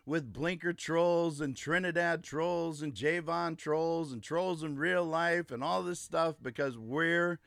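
Creaky, bright-voiced man ranting emphatically. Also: a little high, takes it slowly, hardly any pauses, dry recording. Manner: emphatic, repetitive, gloating. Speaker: livestream host. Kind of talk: casual political livestream rant.

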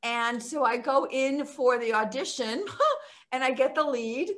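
A woman's voice: high-pitched, a little slow, fairly bright tone. Older woman telling stories over a video call. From Texas. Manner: chatty, laughs often while telling stories. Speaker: guest actress. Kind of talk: casual interview storytelling.

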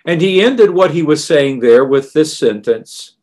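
A male preacher delivers a sermon at an unhurried, deliberate pace. His voice sits a little higher than most men's, and he talks with steady earnestness, going quieter and lower when he quotes scripture. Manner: slow, earnest and deliberate, softening on quoted words.

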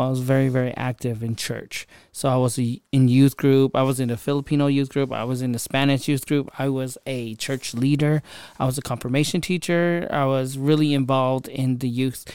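A man's voice: mid-range voice, little pitch movement, fairly quick, darkish tone, clean tone, no room sound. A young man hosting a podcast, telling a personal story in a casual, conversational way with lots of fillers and asides. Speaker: podcast host.

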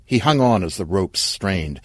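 A man narrating an audio story in a vivid, expressive way. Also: low-pitched, measured pace, husky, no echo, studio quality.

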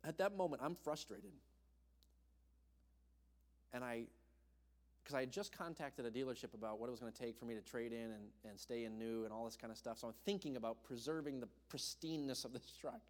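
Animated young preacher in a reverberant hall. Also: male voice, mid-range voice, fairly quick. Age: young adult. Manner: animated, acts out voices in his stories. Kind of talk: storytelling sermon. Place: church hall.

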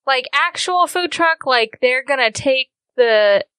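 Brief: eager woman player, bright higher voice, dry close sound. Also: slow pace, clear, resonant tone, dry recording. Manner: excitable, quizzical. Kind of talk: casual tabletop game play.

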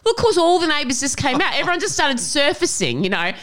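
A woman chatting on a podcast, her voice swinging up and down as she tells stories. She swears freely, laughs often, and rushes through the funny parts in quick bursts. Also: high-pitched. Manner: animated, fast bursts. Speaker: podcast co-host. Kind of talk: casual chat.

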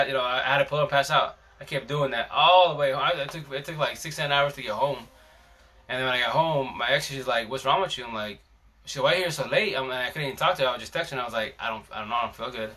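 Male live-stream host, bright tense tone, slangy rambling storyteller. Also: mid-range voice, fast. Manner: rambling, slangy, frequent restarts. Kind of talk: casual storytelling chat.

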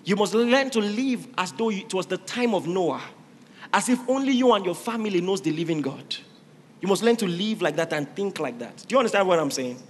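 A man preaching a sermon, emphatic and rising to shouted exhortations. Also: high voice, lively intonation, a little fast, a little hiss or hum. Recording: reverberant hall with faint ambience.

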